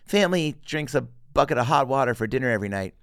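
A man's voice: mid-range voice, animated, fast talker, fairly bright tone, clear, resonant tone, no room sound, studio quality, voice pushed up. A man voicing a timid, poor young boy who speaks in a meek, hesitant way.

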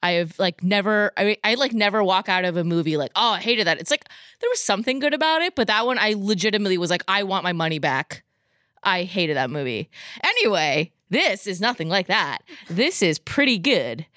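A woman podcast host in casual chat, rambling and animated, with lots of "like". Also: medium pitch, brisk, no echo, clean studio sound.

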